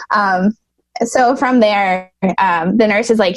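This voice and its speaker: A woman's voice: mid-range voice, lively intonation, dry recording. A young adult woman, a podcast guest, telling a personal story in a casual, emotional way with many fillers. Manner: emotional, fast, filler-heavy retelling.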